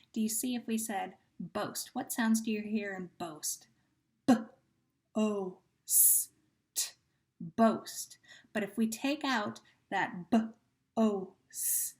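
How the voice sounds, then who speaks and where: A woman teacher speaks at a deliberately slow pace, drawing out each word so young listeners can follow. Her voice sits at an ordinary pitch for a woman, and she walks through sound drills patiently, with gentle praise. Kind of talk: phonemic awareness lesson for young children.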